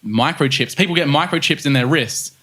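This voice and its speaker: A man's voice: fairly high pitch, brisk. A young man telling stories animatedly in a casual podcast chat. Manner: animated storyteller, slangy. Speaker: podcast co-host.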